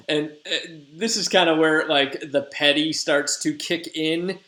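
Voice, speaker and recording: Male teacher in his thirties, chatty, jokey, slangy, slightly high voice, echoey room. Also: a little slow, few pauses, a bit bright. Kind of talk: casual lesson retelling a play.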